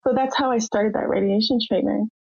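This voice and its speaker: Older woman guest, emotional storytelling, bit high voice, dry dull recording. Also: steady tone, a little fast, vocal fry, a little mellow, breathy edge, dry recording. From Canada. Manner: emotional, candid, breaks into quoted voices. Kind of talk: personal storytelling in a podcast interview. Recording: muffled lo-fi sound, dry.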